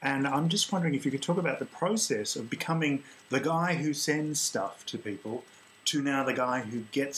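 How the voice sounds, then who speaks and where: A man's voice: medium pitch, a bit bright, slight background noise, rough recording. A man asking long, winding questions in an interview, hesitating with many fillers. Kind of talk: audience or host question.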